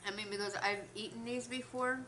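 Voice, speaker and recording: A woman's voice: fairly high pitch, steady tone, a little fast, bright, forceful tone, a little hiss or hum. A woman vlogger chatting casually while she eats, telling a rambling story and trailing off between bites. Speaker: mukbang vlogger. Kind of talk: casual chat while eating.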